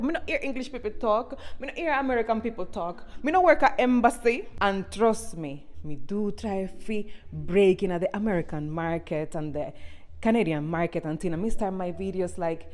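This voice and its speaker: A Cuban-born woman in her forties who now chats in thick Jamaican patois, her R's rolling through every line. She talks straight to the camera, lively and playful, with a medium-pitched voice. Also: moderate pace. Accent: Cuban-Jamaican patois blend. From Cuba. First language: Spanish. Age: 40s. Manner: animated, playful, rolled R's. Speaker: TikTok creator. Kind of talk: casual direct-to-camera chat.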